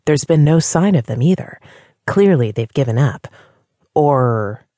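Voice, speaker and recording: A woman reads a stubborn, protective young man in her own breathy voice, terse and defiant, his words clipped short. An audiobook reading, dry and close. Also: extremely low pitch, animated, measured pace, no room sound, full character voice. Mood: tense. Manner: terse, defiant, flaring into shouts.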